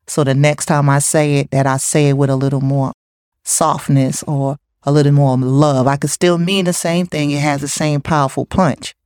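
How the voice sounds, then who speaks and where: A woman co-hosting a relationship talk show, chatting casually about communication, laughing often and acting out lively quotes. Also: low-pitched, moderate pace, smooth, dry recording, clean studio sound. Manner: lively, laughs often, animated quoting of others. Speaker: podcast co-host.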